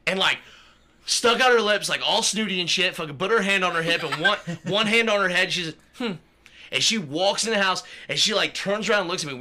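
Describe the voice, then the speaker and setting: Podcast host, male; lively, very bright tone, swearing storyteller. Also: high-pitched. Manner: animated storytelling, swears often. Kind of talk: casual chat.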